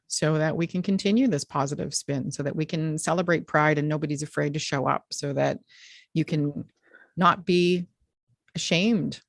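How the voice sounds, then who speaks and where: A woman's voice: sits low, no echo, studio quality. A woman hosting a podcast, talking in a frank, direct and emphatic way in candid conversation. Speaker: podcast host.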